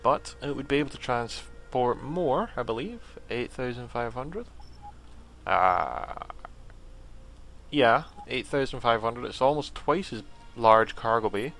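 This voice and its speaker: A man narrating his gameplay in a relaxed, musing tone, thinking aloud with little fillers. His voice sits in a middling pitch. Faint game music plays behind him. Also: slow pace, vocal fry. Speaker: let's play host. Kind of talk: gameplay commentary.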